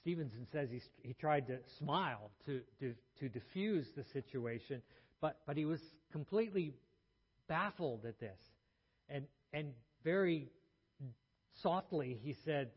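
Male pastor, earnest sermon delivery, slightly higher voice, dull recording. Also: lively intonation, moderate pace, slightly rough. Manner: earnest storytelling with frequent restarts. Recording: muffled sound in a reverberant hall.

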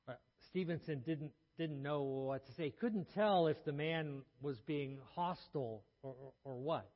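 Male pastor, earnest sermon delivery, slightly higher voice, dull recording. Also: measured pace. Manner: earnest storytelling with frequent restarts. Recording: muffled sound in a reverberant hall.

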